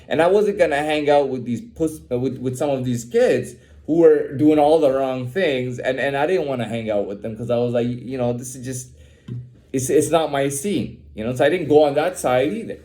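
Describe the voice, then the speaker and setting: A man's voice: mid-range voice, a little mellow. A man ranting in a heated, profane way, repeating himself and ending lines with "man". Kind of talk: candid personal rant.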